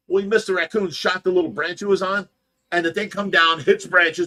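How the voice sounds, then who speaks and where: High, bright-voiced man telling a story. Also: a little fast. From United States. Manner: animated storyteller, acts out voices and sounds. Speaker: livestream host of a fish rescue. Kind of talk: casual storytelling on a livestream.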